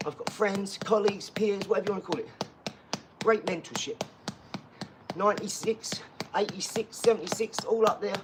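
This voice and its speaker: A man's voice: high voice, normal speed, long pauses, background noise. A man chatting on a live stream from his garage gym, talkative and boastful, full of enthusiasm and rambling asides. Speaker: fitness streamer.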